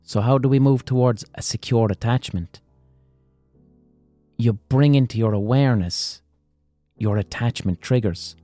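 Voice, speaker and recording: Mellow-voiced man, frank casual talk. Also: medium pitch, a little slow, pauses often, no room sound, soft background music. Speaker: podcast host. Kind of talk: casual psychology talk with storytelling.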